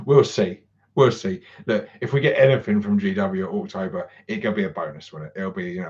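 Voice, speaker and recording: Low-voiced man rambling on a stream. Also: animated, normal speed, a little mellow, highs cut off. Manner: rambling, swears freely, many ums, chuckles. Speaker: channel host. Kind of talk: casual livestream chat.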